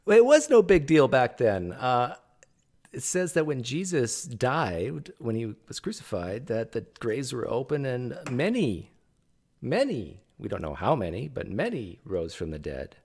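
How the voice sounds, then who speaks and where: A man's voice: mid-range voice, big pitch swings, unhurried, darkish tone, husky. A man with an ordinary mid-range voice comments casually on a video he is watching. He argues point by point and talks straight back to the speaker on screen, challenging him by name. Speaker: video host reacting to clips.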